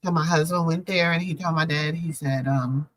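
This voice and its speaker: A woman's voice: low voice, fairly even intonation, normal speed, dry recording. A middle-aged woman hosting a show, telling a personal story in an emotional, preacherly way and calling listeners baby and y'all. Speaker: show host.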